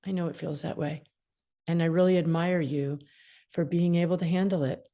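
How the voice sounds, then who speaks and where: A woman's voice: lowish voice, normal speed. A woman in her sixties, an attorney mediator, explaining parenting advice and acting out what upset teens feel. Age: 60s. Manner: animated, acts out quoted feelings.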